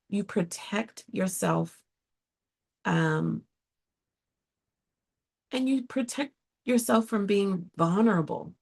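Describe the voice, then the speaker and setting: A middle-aged woman therapist talks straight to her viewers in an earnest, direct way. Her voice has a gravelly edge, and she keeps checking in with a quick "right?" as she goes. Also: mid-range voice. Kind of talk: casual advice talk to viewers.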